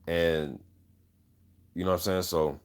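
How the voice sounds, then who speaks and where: A man's voice: low-pitched, steady tone, unhurried, clear, resonant tone. A man hosting a casual boxing talk show, reading viewer comments and giving loose, opinionated takes full of swearing and "you know what I'm saying". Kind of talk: casual unscripted chat.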